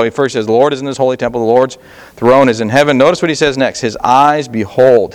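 A middle-aged man preaching a sermon in an earnest, halting way, repeating words and pausing often. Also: medium pitch. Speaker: pastor.

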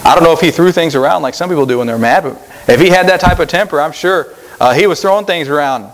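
A man's voice: fairly high pitch, fast. A man preaching an earnest sermon at a church service, rising for emphasis and repeating his phrases. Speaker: pastor.

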